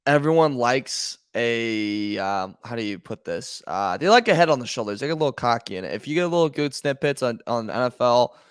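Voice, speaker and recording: A man's voice: medium pitch, expressive, a little fast, hardly any pauses, smooth, no room sound, studio quality. A man co-hosting a sports podcast in a rambling way, full of fillers and restarts. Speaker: podcast co-host. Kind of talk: casual sports talk.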